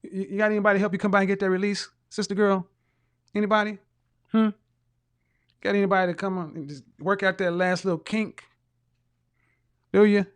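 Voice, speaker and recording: A man's voice: high-pitched, level tone, fairly quick, pauses often, clear, resonant tone. A man hosting a live stream, reading viewer comments aloud and mocking them with teasing rhetorical questions and bursts of laughter.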